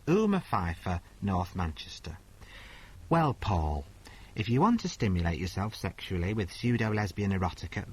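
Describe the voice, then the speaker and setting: A husky, foul-mouthed agony aunt, played by a man with a lively, swooping delivery. She answers letters with blunt, bawdy punchlines in a comedy sketch. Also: mid-range voice, low-quality recording. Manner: blunt, bawdy, mock-sincere. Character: brassy crude woman agony aunt.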